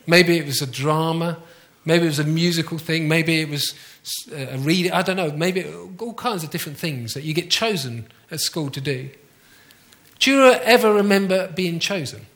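A middle-aged man delivers a warm, conversational sermon with a bright, forceful tone. His voice sits slightly high for a man, and he slows down to repeat his key lines. He keeps turning questions back to the congregation. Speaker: pastor.

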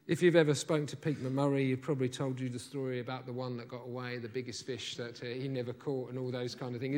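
A man preaching a sermon, telling a Bible story with lively, acted-out lines and asides to the congregation. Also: medium pitch. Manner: animated storytelling, acts out the disciples' lines.

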